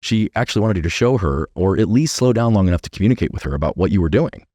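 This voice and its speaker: A man's voice: low voice, quick pace, no echo, clean studio sound. A middle-aged man, a guest on a podcast, telling a family story earnestly and often checking in with "right?". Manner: earnest, animated storytelling with many "right?" tags.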